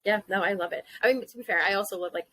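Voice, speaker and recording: A woman's voice: medium pitch, very fast, fairly bright tone, no room sound, low-quality recording. A woman in her thirties hosting a casual podcast chat, bubbly and giggly, swearing playfully. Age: 30s. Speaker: podcast host.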